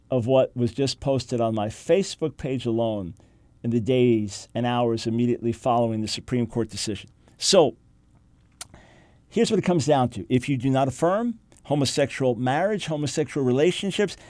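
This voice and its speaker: A middle-aged man delivers his talk show segment with forceful emphasis, counting off points like a preacher. His voice sits a little high for a man. The sound is dry and close, with no room echo. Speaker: radio talk show host. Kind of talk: reading quotes and preaching on air.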